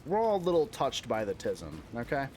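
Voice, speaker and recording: A young male streamer talking through a game from his home setup. His voice sits at an ordinary middle pitch. He rambles, jokes at his own expense and swears constantly, with a faint hiss of noise behind him. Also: huge pitch swings, brisk, darkish tone. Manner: rambling, self-deprecating, profane. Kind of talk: casual live-stream chat while gaming.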